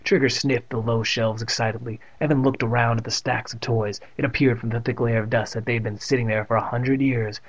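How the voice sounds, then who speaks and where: A man's voice: medium pitch, fairly even intonation, brisk, few pauses, breathy edge. A man reading a children's book aloud and tossing in joking asides. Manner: adds joking asides to the text. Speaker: reader. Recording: muffled lo-fi recording.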